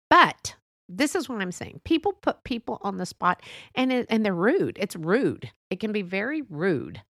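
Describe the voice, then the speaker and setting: A woman's voice: fairly high pitch, fairly bright tone, no echo, studio quality. A woman telling a personal story in a chatty, rambling way, with lots of asides. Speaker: podcast storyteller. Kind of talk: casual storytelling monologue.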